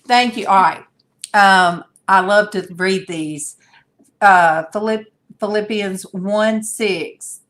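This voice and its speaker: Older woman host, unhurried and chatty, rambles along and greets her viewers by name on a video call. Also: medium pitch, fairly bright tone. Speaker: livestream host. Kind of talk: casual livestream chat.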